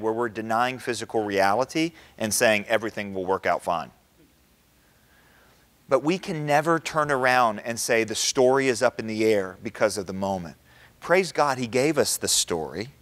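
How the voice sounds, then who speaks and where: Animated man preaching to an audience. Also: medium pitch. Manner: animated, quizzes the audience with rhetorical questions. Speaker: Christian speaker addressing an audience. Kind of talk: lively public talk.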